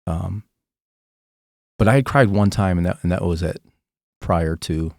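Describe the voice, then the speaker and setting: A man's voice: low-pitched, measured pace, creaky, darkish tone, no room sound, studio quality. A man telling his personal testimony as a podcast guest, earnest, raw and emotional.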